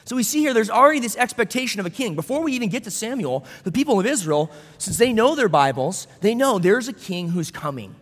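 A man's voice: sits high, sing-song, fast talker, hardly any pauses, a bit bright, in a large hall. A man pastor preaching a sermon in a conversational way, with storytelling asides.

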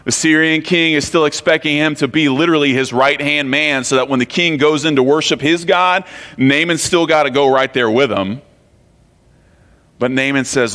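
A man preaching a sermon in an animated, conversational way, often restarting and repeating phrases. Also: fairly high pitch, moderate pace. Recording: long hall reverb.

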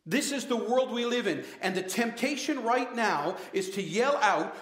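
A man's voice: very high voice, expressive, normal speed, hardly any pauses, a bit bright. A man preaching a passionate sermon to his congregation, full of rhetorical questions. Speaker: pastor. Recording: echoey church hall.

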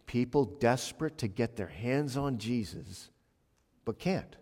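A male pastor preaching a sermon with emphasis, swinging between loud passages and hushed ones. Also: medium pitch, lively intonation, measured pace. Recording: long reverb of a large hall.

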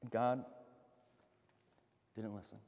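A male pastor preaching an earnest sermon, swinging between loud emphatic lines and hushed, slow drops. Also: on the low side, steady tone, vocal fry, long reverb tail.

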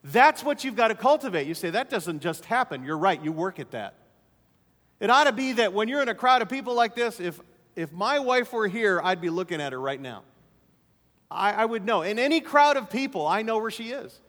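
A middle-aged man pastor preaching a sermon, emphatic, repeating key phrases and dropping to quieter asides. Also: sits high, sing-song, fairly quick. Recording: long hall reverb.

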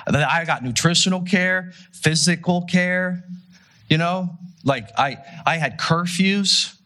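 A man delivers a sermon with a slightly husky, breathy voice. He talks like he is chatting with the congregation, tossing in jokes and stumbling over restarts as he tells a story. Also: medium pitch, pushed and bright. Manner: conversational, joking, with many restarts. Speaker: pastor.

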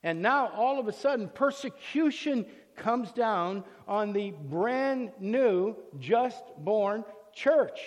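A man giving a conversational Bible lesson, telling the story with frequent fillers and restarts. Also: high voice. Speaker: Bible teacher. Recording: long reverb, echoey hall.

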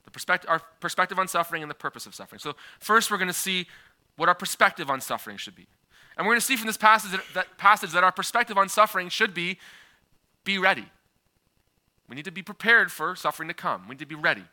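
A man in his thirties delivers a sermon in a lively, conversational manner, weaving in personal stories. His voice sits a bit high and has a very bright, sharp edge. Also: fast talker. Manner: conversational, animated, with frequent filler and restarts. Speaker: preacher.

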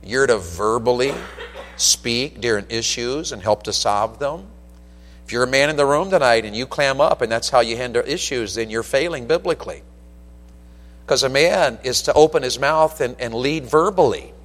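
A middle-aged man preaching a sermon, moving between quiet storytelling and loud, urgent exhortation. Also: medium pitch, moderate pace. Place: church sanctuary at an evening service. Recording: long reverb of a church hall.

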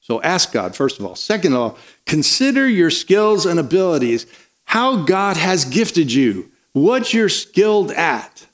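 A man's voice: on the high side, very animated, a little slow. A middle-aged male pastor preaching a sermon, emphatic, repeating phrases and calling out to the congregation.

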